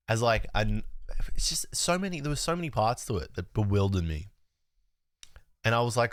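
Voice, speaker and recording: A man streams with a stuffed-up, nasal voice, clearly sick. He rambles loosely and jokes with his chat in a lowish voice. The sound is dry and close. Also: lively intonation, moderate pace, long pauses, dry recording. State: congested, sick. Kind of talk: casual livestream chat.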